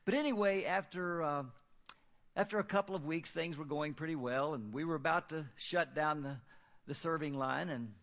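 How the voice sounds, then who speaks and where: A man telling a personal testimony in a casual, halting way, with many fillers. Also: a little high, creaky, fairly bright tone. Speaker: storyteller.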